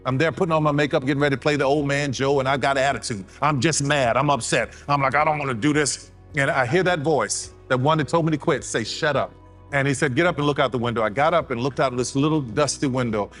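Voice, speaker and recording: A man's voice: fairly high pitch, fairly bright tone. Man giving an emphatic motivational speech. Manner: emphatic, repeats key words for effect; storytelling, sermon-like delivery. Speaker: motivational speaker.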